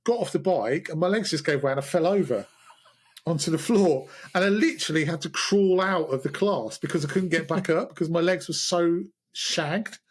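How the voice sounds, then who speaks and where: A man hosting a podcast, telling a self-mocking story in a casual, animated way. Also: on the high side, normal speed. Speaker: podcast host. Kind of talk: casual chat.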